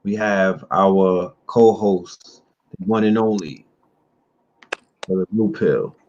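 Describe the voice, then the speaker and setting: Male show host, low voice, very slow and emphatic; muffled audio with faint noise. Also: darkish tone. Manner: slow, drawn-out, emphatic delivery. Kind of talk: livestream talk show.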